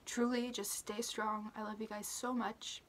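A young woman talking through a personal update to her camera, halting and emotional, with many fillers and restarts, sometimes sinking to a whisper. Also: mid-range voice, flat delivery. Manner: soft, drops into whispers. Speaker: vlogger. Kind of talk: personal recovery update vlog.

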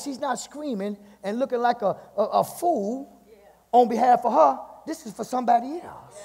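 A male pastor preaching a fiery sermon, punctuating lines with "my God" and swinging between shouts and hushed passages. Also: very high voice, moderate pace, creaky, breathy edge, long reverb tail. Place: church sanctuary.

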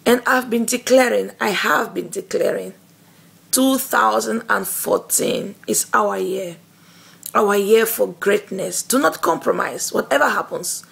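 A woman evangelist giving an earnest, encouraging devotional video message, speaking with a husky, gravelly voice, slowly and with frequent fillers and repeated words. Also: medium pitch, fairly bright tone.

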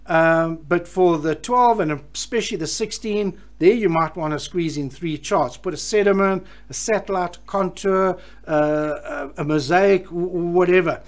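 A man's voice: high-pitched, unhurried. A man hosting a live stream, chatting enthusiastically and reading out viewer comments, often restarting his sentences. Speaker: host of a live fishing electronics show.

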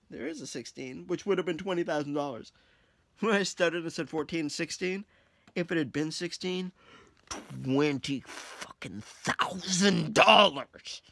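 Gravelly joking man scratching lottery tickets. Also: high voice, slight background noise. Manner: joking, self-mocking, swears freely. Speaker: vlogger. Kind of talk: casual comedic vlog, scratching lottery tickets.

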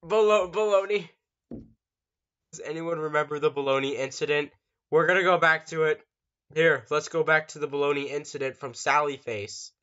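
A gamer giving excitable, casual commentary while playing, talking to viewers and breaking into sudden screams. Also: mid-range voice, brisk, dull audio. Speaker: let's play gamer.

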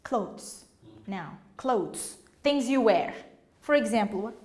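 A woman teaching an English class, speaking slowly, asking questions and repeating each word for her students. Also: on the high side, animated, a little mellow. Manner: slow, patient, asks questions and repeats words. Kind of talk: classroom language lesson. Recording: echoey room with faint noise.

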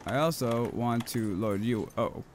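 With a mid-range voice at a moderate pace and a little hiss or hum in the audio, a man hosts a gaming video, commenting casually. He's profane and jokey, reads game text aloud, and sounds a bit sick.

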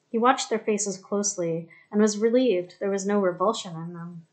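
A woman narrating an audiobook in a steady, even storytelling manner. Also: mid-range voice, moderate pace. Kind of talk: scripted narration.

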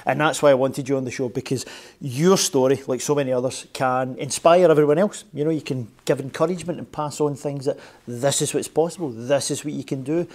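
A man's voice: mid-range voice, steady tone, fairly quick, a little mellow. A man hosting an interview, jokey, upbeat and chatty. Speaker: podcast host. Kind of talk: casual interview chat.

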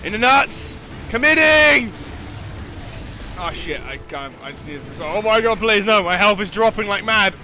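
A young man giving live gameplay commentary, swinging from loud swearing outbursts to low muttering as he plays. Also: normal speed, few pauses. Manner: swears and yelps at the game. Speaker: gaming commentator.

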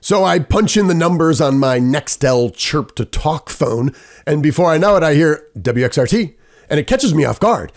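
Podcast host, middle-aged man, slightly raised pitch, animated storyteller voicing the people in his story. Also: normal speed. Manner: animated storyteller acting out quoted dialogue. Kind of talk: storytelling monologue.

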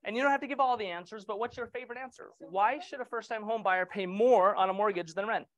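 A man's voice: high voice, fast, a bit bright, dry recording. A middle-aged man leading a real estate training session, casual and joking, asking the group questions.

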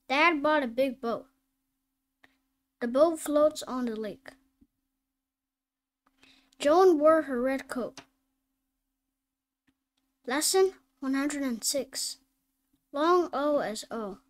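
A woman's voice: sits high, a bit bright. A woman teaching a phonics reading lesson, reading word lists and simple sentences one at a time, sometimes correcting herself. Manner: reads each word slowly and distinctly, self-corrects.

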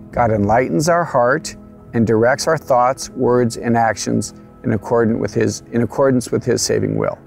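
A man with a gravelly, creaky voice gives an earnest teaching talk, explaining carefully and backing up over his words. Faint music plays underneath. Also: mid-range voice. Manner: earnest, explanatory, some restarts. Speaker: catechetical presenter.

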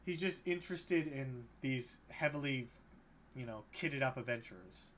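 A young man running a tabletop game as game master, narrating in a relaxed, halting way with many fillers. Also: medium pitch, slight background noise.

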